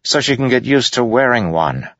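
A man voicing a sharp-tongued, skeptical female horse trainer who scolds and warns bluntly. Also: mid-range voice, very animated, moderate pace, no echo, voice pushed up. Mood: scolding. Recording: dry, dull lo-fi sound.

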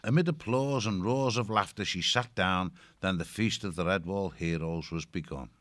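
A man narrating a storybook in a measured, descriptive reading. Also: low voice, a bit bright, dry recording. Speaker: audiobook narrator.

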